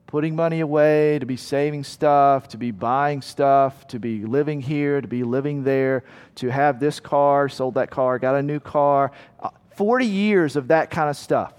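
A man's voice: a little high, darkish tone, in a large hall. A man preaching a sermon in a conversational way, asking his listeners rhetorical questions. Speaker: pastor.

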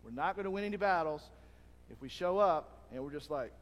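Male pastor, sermon, animated delivery, somewhat high voice, church-hall reverb. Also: brisk. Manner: animated, acts out crowd shouts.

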